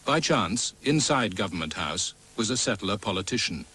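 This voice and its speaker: A man narrating a historical documentary in a measured, formal way. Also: lowish voice, sing-song, pushed and bright, breathy edge, rough recording. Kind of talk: scripted narration.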